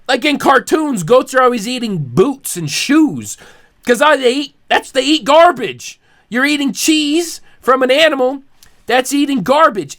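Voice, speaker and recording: A man's voice: very high-pitched, a bit bright. A man hosting a podcast, delivering an exaggerated, mock-preachy comedic rant and laughing often. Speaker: podcast host.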